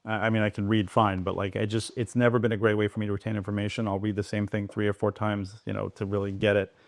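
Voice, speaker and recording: A man speaking as a podcast guest, animated and digressive, talking in quick bursts. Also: on the low side, vocal fry, dry recording. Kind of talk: conversational interview.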